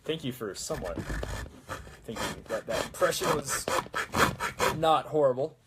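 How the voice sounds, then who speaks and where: A man's voice: medium pitch, expressive, moderate pace, very noisy. A man chatting casually while making a prop, rambling with self-mocking jokes. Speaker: prop maker. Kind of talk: casual workshop chat.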